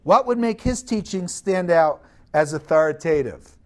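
A man's voice: fairly high pitch, animated, moderate pace, darkish tone. A man preaching a sermon, emphatic, asking the congregation rhetorical questions.

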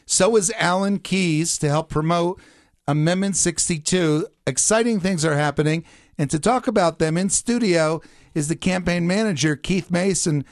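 Brief: keen, opinionated male radio host, slightly high voice, dry studio sound. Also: moderate pace, dry recording. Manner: enthusiastic, opinionated. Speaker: radio talk show host. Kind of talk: talk radio.

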